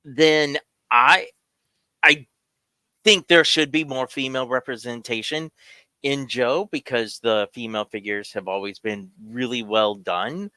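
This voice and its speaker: A man's voice: mid-range voice, unhurried, sharp tone, smooth, no echo. A man co-hosting a casual livestream podcast from home, joking playfully with the others. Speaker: podcast co-host.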